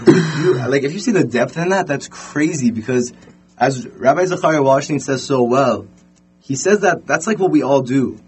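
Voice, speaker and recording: A young man telling a story in a casual podcast chat, animated and full of fillers. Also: medium pitch, normal speed, noisy background.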